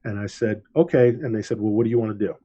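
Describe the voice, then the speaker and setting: A man and podcast host telling a story in casual chat, relaxed and animated when quoting people. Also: lowish voice, racing, breathy edge.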